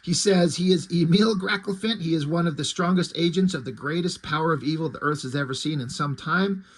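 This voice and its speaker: A man's voice: on the high side, a little fast, breathy edge. A man casually recapping a comic book's plot, rambling with lots of "like" and restarts. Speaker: comic book reviewer.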